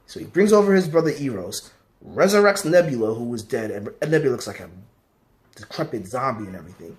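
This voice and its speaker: A man's voice: mid-range voice, big pitch swings, fast. A man vlogging a casual comic book story recap, rambling with lots of fillers. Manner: rambling, many fillers like "you know" and "basically".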